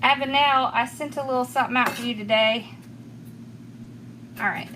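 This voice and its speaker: Her voice sits high, bright and forceful, with a steady tone and moderate pace, and a little hiss or hum in the background. She's a middle-aged craft tutorial host with a Southern accent from rural Georgia, chatting with viewers as she demonstrates, laughing often and thanking people by name.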